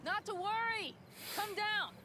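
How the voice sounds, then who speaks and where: An actress voicing a tough woman mercenary in a video game, giving brisk, commanding orders. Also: very high voice, bright, forceful tone, full character voice. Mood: scheming. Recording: game audio with crowd noise.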